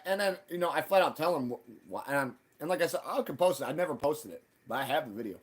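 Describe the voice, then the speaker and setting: A man hosting a live stream, ranting in casual, profane talk and jumping loud and high when he quotes people. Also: expressive, a little fast. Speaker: livestream host.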